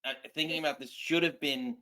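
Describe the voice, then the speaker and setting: Hesitant, bright-toned podcast co-host, mid pitch. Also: steady tone, a little fast. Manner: hesitant, thinking aloud. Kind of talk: casual wrestling recap chat.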